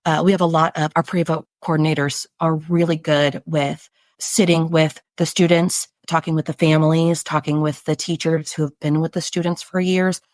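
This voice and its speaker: A woman's voice: sits low, dry recording. A woman who teaches special education, talking earnestly and chattily as a podcast guest and acting out what parents and students say. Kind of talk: casual conversational interview.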